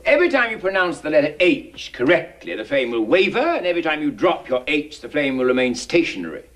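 A man's voice: on the high side, sing-song, a little fast, a bit bright. A man playing a stern, impatient male speech teacher who gives commanding, exasperated instructions in a film scene. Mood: instructing. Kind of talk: film dialogue.

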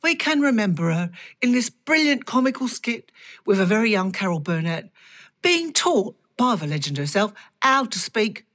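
A woman's voice: mid-range voice, very animated, moderate pace, fairly bright tone. A woman playing Arthur, a cheeky male co-host of a comic community radio show, full of slang. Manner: jokey, slangy, playful.

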